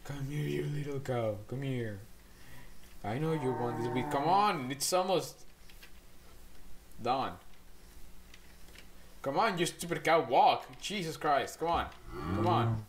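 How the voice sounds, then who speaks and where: A man chatting loosely through his gameplay, drifting from topic to topic and coaxing in-game animals with a playful, teasing manner. His voice sits at a middle pitch. Clicks and game sounds come through clearly behind him. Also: animated, slow pace, long pauses, a little hiss or hum. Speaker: gaming channel host. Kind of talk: casual gameplay commentary.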